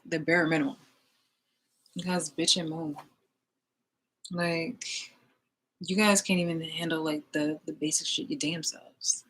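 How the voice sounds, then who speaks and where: A woman ranting in a casual monologue, exasperated and profane, full of fillers, swinging between loud outbursts and low mutters.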